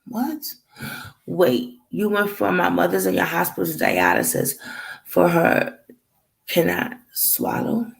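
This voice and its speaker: Woman with a gravelly creaky voice, rambling emotional story, acts out what people said. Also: on the low side, very animated, slow pace, rough recording. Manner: rambling, acts out dialogue, fighting back tears. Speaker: vlogger telling a family story.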